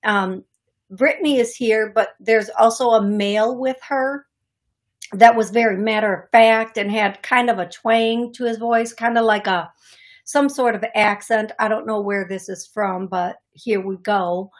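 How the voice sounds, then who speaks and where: A woman's voice: medium pitch, steady tone, a little slow. A woman hosting a call-in radio show as a psychic medium, effusive and affectionate, calling her callers "love.".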